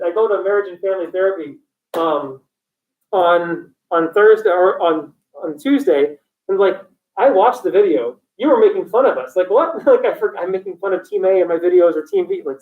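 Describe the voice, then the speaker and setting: A man's voice: high voice, a little mellow. A male college instructor giving a classroom lecture, joking and going off on tangents while quizzing his students. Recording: echoey classroom, distant dull mic.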